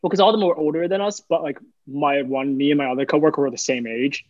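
A young man telling relaxed anecdotes on a podcast, acting out what others said to him. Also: fairly high pitch, fast, no echo, highs cut off. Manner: relaxed, quoting others in dialogue. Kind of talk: casual storytelling chat.

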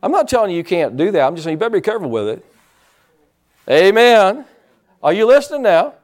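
A male pastor preaching a sermon, animated, acting out quotes and calling for responses from the congregation. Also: high voice, racing.

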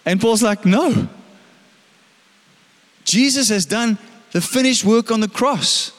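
High-voiced male pastor preaching in a hall. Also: moderate pace, a bit bright. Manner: conversational preaching, asks the congregation questions. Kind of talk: sermon.

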